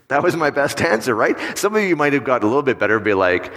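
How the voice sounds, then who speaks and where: A man preaching a sermon in a conversational way. He asks his listeners questions and turns animated when he acts out little stories. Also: mid-range voice, moderate pace, pauses often. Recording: long reverb of a large hall.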